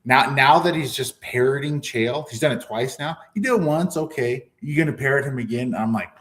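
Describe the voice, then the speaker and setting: A man's voice: mid-range voice, brisk, hardly any pauses, fairly bright tone. Laid-back man co-hosting a fight podcast. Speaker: podcast co-host. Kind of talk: casual combat sports chat.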